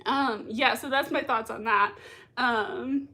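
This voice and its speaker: A woman hosting a casual livestream, chatting excitedly and giggling while reading viewer comments. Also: on the high side, slow. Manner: excitable, giggly, many fillers. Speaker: livestream host reacting to a TV show.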